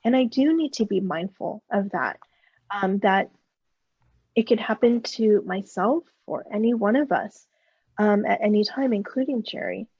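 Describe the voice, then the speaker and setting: A woman's voice: medium pitch, unhurried, breathy edge, no room sound, muffled recording. A woman Buddhist minister giving a personal dharma talk at an online seminar, speaking in an earnest and reflective way and sharing her own feelings candidly.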